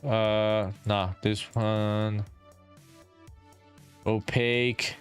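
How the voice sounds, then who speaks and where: In a smooth, low-ish voice that barely changes pitch, this man talks extremely slowly while streaming his indie game development. Relaxed and foul-mouthed, he reads viewer comments out loud and addresses everyone as "dude" over faint background music.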